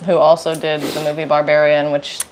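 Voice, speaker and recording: Female co-host with a low voice, laughs easily, faint background noise. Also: monotone, brisk. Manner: laughs often, chatty. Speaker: livestream co-host. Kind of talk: casual chat.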